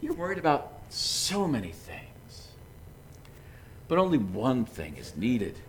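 A man doing a soft, low, gentle teacher. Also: huge pitch swings, slow, slight background noise, full character voice. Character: gentle calm male teacher, kindly.

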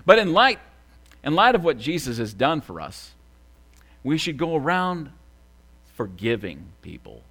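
Preacher, male, fairly high voice with a very lively pitch, animated sermon delivery. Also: unhurried, long pauses. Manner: animated, swings from loud excitement to quiet asides. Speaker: pastor.

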